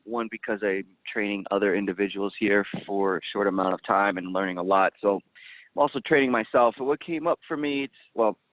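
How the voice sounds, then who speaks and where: A man with a lowish voice talks in a loose, animated, blunt way, cursing offhandedly. The sound is dry and narrow, like a phone line. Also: no room sound. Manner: animated, blunt, swears casually. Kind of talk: casual roundtable chat.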